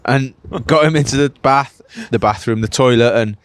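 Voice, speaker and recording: At medium pitch and a moderate pace, this man's voice sounds clean, with no room sound. He's a late-thirties Welsh pro cyclist chatting informally after a race, rambling and heavy on "like" and "mate."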